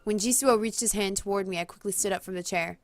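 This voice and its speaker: A woman reading a visual novel aloud as a let's play host, reacting loudly and laughing along. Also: mid-range voice, fast talker, soft background music.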